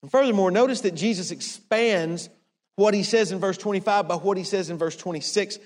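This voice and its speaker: A man preaching a sermon, emphatic and repetitive, swinging from hushed to raised. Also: high voice, brisk, in a large hall. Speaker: pastor.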